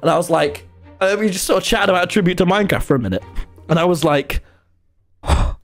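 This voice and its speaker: A young man telling a rambling, excitable story in a casual stream chat, full of fillers and sudden yelps. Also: high-pitched, quick pace, faint music behind. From England.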